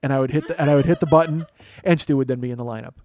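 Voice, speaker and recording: A comedian hosting his own podcast tells a long comic story in a solo monologue, rambling, profane, and self-mocking. His medium-pitched voice is darkish in tone and races along, with no room sound.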